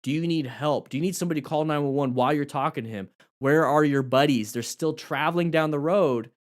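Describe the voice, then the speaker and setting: A man teaching motorcycle safety, commenting on a crash video in a lively way and asking questions. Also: a little high, fast. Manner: animated, acts out rider dialogue and questions.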